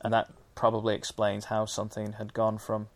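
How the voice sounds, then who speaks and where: Male film historian, gravelly and level, dry close sound, careful detailed talker. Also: on the low side, completely flat delivery, no echo. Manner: measured, detailed, with many restarts and fillers. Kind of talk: conversational discussion.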